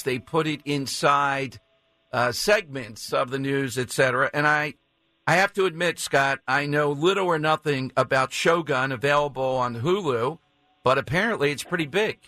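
Man, host, bright tense voice, dry close sound, enthusiastic. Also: fairly high pitch, moderate pace, dry recording. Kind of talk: casual chat.

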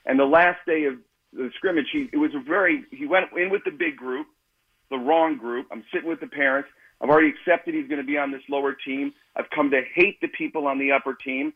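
A man's voice: a little high, steady tone, a little fast, breathy edge, phone-quality sound. A man from the Chicago area, an author and guest, telling candid, self-mocking stories in a radio interview and acting out the voices he quotes.

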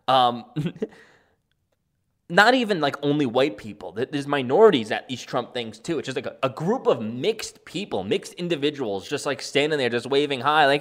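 Sarcastic, rambling male commentator. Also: medium pitch. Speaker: political commentator. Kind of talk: opinion commentary.

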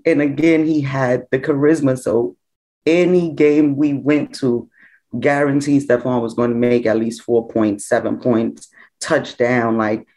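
A woman, a mother talking through family memories in an interview, casual and full of "like". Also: rumbling low. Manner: conversational, full of "like", lively when quoting others. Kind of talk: personal storytelling in an interview.

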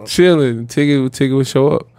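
A man's voice: medium pitch, normal speed, darkish tone, no room sound. A man in his thirties, a former pro basketball player, telling a long casual story as a podcast guest. He talks in slang and keeps saying "bro" and "swear to God.".

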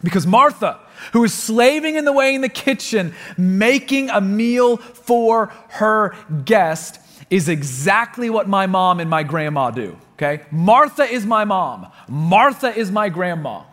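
A man preaching a sermon in a lively storytelling manner, repeating words for emphasis. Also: high-pitched, unhurried. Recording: long reverb of a big hall.

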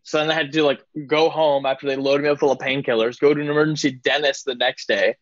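A man's voice: mid-range voice, steady tone, fast, a bit bright, no echo. Male guest, matter-of-fact teller, muffled lo-fi sound. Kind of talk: casual video-call chat.

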